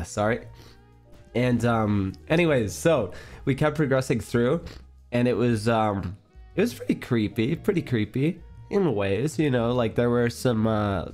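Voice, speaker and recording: A man's voice: mid-range voice, darkish tone. A congested young man hosting a livestream, telling a story in casual chat with lots of fillers and frequent laughs. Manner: rambling, laughs often, many fillers. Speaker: livestream host.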